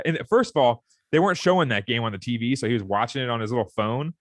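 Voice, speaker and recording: A man's voice: mid-range voice, animated, quick pace, no echo. A man co-hosting a casual podcast, telling a story in a rambling way with lots of fillers. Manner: rambling storyteller with many fillers, acting out shouted quotes. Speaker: podcast co-host. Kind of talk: casual chat.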